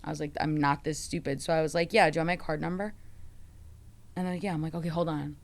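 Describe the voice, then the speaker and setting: A woman's voice: low-pitched, fast talker, gravelly. A young woman hosting a podcast, telling stories in casual chat, acting out the quotes and swearing often. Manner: animated storytelling, acting out quotes, frequent swearing. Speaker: podcast host.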